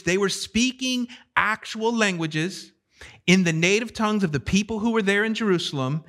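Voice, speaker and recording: A man preaching a sermon as a pastor, in a conversational, animated way that keeps putting questions to the congregation. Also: fairly high pitch, normal speed.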